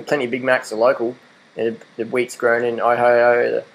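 A young man with an Australian accent talks in a loose, rambling vlog rant, laughing often and chatting to his dog along the way. His voice is husky and sits at an ordinary middle pitch. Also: monotone, moderate pace, rough recording. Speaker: vlogger. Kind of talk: casual rant to camera.

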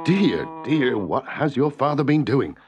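A man voicing a calm, capable farm wife in a storybook reading, sweet and soothing. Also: mid-range voice, a little slow.

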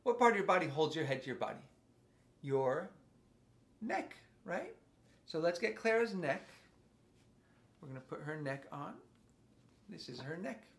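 A man's voice: a little high, sing-song, unhurried, gravelly, pauses often, fairly bright tone. A man leading a playful interactive music lesson for young children, coaxing them to join in with a sing-song delivery.

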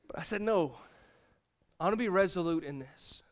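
A man's voice: high voice, fast. A man preaching a sermon as pastor, earnest and repetitive, leading the congregation in a spoken refrain. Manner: earnest, repeats phrases, leads the congregation in a refrain.

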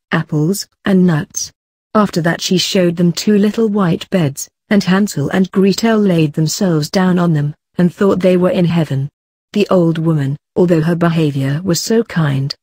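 Low, mellow woman reading a storybook. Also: breathy edge, no room sound. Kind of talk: children's audiobook narration.

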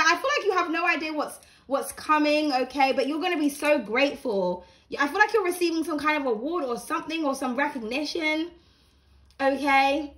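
A young woman with a bright, high-pitched voice reads tarot cards to her viewers from home. She talks casually and warmly, with plenty of fillers and restarts as she encourages them. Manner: chatty, warm encouraging, many fillers. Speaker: tarot reader. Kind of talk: casual tarot reading to camera. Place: home room with blinds open.

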